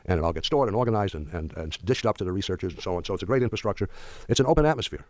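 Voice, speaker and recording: An older man, the founder of a firm, tells halting, rambling stories to an audience, full of restarts and dry humor. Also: deep voice, animated, dry recording. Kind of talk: storytelling talk to an audience.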